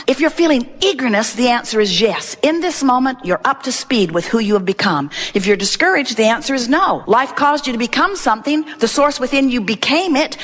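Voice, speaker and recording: A woman giving an inspirational talk to a live audience, deliberate and emphatic, repeating phrases for effect. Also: fairly high pitch, animated, a bit bright, big-room sound. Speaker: inspirational speaker.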